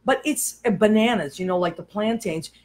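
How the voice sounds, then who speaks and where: Older female radio host, animated storyteller, casual. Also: medium pitch, moderate pace. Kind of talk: casual chat.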